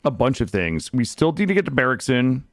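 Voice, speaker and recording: Talking fairly quickly in a mid-range voice, a young man streams his game and keeps up an animated, profanity-filled chat with his audience. The studio desk mic gives a dry recording.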